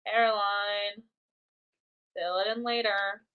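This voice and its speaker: A woman's voice: mid-range voice, fairly even intonation, takes it slowly, clean tone, narrow, tinny audio. A young woman chatting casually while drawing on a live stream, playfully talking to herself and to chat.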